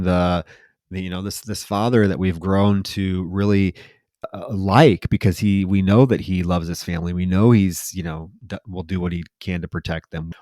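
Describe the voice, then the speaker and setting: A man's voice: sits low, warm tone, no echo. A man co-hosting a podcast, casually recapping a film and acting out its lines with lots of fillers. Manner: retells scenes acting out lines, filler-heavy. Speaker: podcast co-host. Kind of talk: casual movie recap chat.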